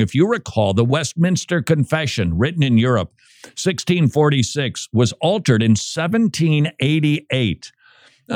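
A man's voice: mid-range voice, no echo, clean studio sound. A man hosting a radio talk show, chatting in a playful, joking way about church history. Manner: playful, jokey, animated. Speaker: radio host.

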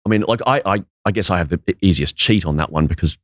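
Deep-voiced Australian evangelist guest. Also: male voice, dry recording. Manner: clear, measured speech. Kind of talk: casual interview chat.

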